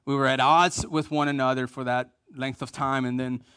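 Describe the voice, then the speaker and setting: A middle-aged man preaching a conversational sermon, repeating key phrases for emphasis and joking at his own expense, going soft and low for tender points. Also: level tone, moderate pace, clear, resonant tone, no room sound, studio quality. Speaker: pastor.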